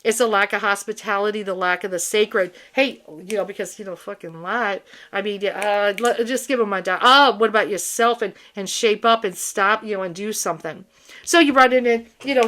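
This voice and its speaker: A woman hosts her spiritual channel in a loose, unscripted monologue, her voice sitting at a middling pitch. She rambles bluntly, swears freely and keeps restarting her sentences. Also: steady tone, normal speed, a bit bright.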